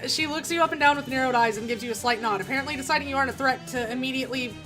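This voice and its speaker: A woman streamer playing a game, reading its text aloud in a chatty, giggly, halting way. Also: high-pitched, over music.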